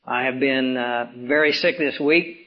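A man preaching a sermon as pastor, hoarse from swollen tonsils, with emphatic rises and slow, dramatic drops. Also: mid-range voice. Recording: dull lo-fi recording.

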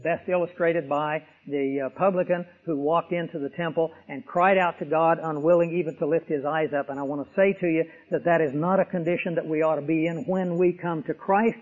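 A man's voice: on the high side, fairly even intonation, fairly quick, few pauses. A man preaching an expository sermon, emphatic, with vivid illustrations. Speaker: pastor. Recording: tinny radio broadcast with long reverb.

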